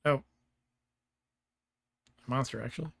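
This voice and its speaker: A man narrates his gameplay in a loose, chatty way, thinking out loud and breaking into laughs. His voice sits at an ordinary middle pitch. The sound is dry and close, with keyboard clicking in the background. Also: slow pace, gravelly, breathy edge, no room sound. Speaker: gameplay streamer. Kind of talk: casual let's-play commentary.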